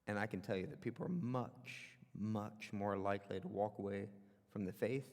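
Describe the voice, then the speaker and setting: A man preaching a conversational sermon as pastor, animated and casual, acting out the voices of the people he quotes. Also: on the low side, moderate pace. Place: church hall. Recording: church hall with long reverb.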